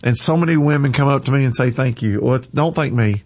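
A man's voice: medium pitch, quick pace, darkish tone, no room sound. A man giving an emotional, preachy faith talk on a livestream, with a slightly dull lo-fi sound.

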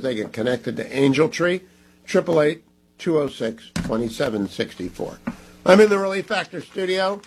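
A middle-aged radio talk host pitches sponsors live on the air. His voice is a touch high and husky. He talks emphatically and keeps repeating the numbers.

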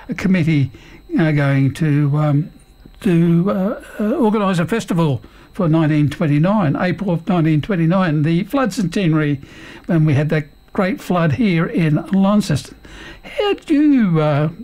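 Woman hosting local radio, low-ish mellow voice, halting with fillers. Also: animated. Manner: hesitant, many fillers. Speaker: radio host. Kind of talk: community radio chat.

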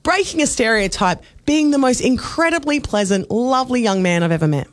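A woman's voice: on the high side, brisk, dry recording. A woman with an Australian accent co-hosting a radio show, telling stories animatedly. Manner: animated storyteller. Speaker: radio host. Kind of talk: casual radio chat. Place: radio studio.

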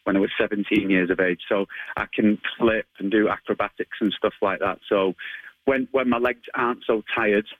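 In a casual phone interview, the guest, an English martial arts instructor in his thirties with a Manchester accent, chats at a normal speed with plenty of ums, restarts, and laughter. His pitch is fairly low and his intonation fairly even. The audio is narrow and tinny, without echo.

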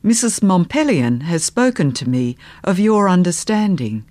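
A woman reading the part of a gentle, kindly male village minister in a storybook reading, with a calm, measured manner. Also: lowish voice, dry recording.

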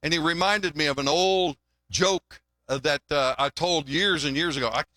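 Older man, pastor's sermon, folksy, high voice, dry sound. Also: normal speed, pushed and bright, no echo. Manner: folksy, conversational, repeats words when restarting. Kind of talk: sermon with jokes.

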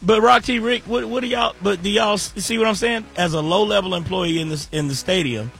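A man's voice: high-pitched, brisk, gravelly, fairly bright tone, husky, soft background music. A man co-hosting a morning radio show, arguing his point in casual banter. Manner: argumentative, reasoning point by point. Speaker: radio co-host.

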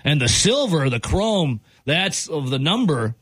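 A man's voice: a little high, very animated, measured pace, fairly bright tone, husky, dry recording. A man hosting a casual sports talk show, playful and mocking as he riffs on jersey details. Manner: playful, mocking, mimics overhyped phrases.

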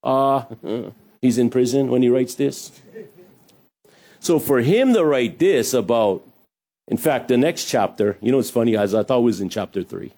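Guy preaching, chatty sermon, cracks jokes, mellow warm voice. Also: medium pitch, moderate pace. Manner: conversational preaching with jokes and asides. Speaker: pastor. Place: hot church room.

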